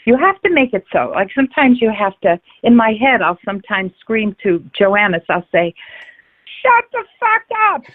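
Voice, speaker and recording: A woman's voice: medium pitch, slightly rough. A woman trader being interviewed, talking frankly and passionately about her life and trading, swearing freely and restarting her sentences often. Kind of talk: candid personal interview. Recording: tinny phone-like line.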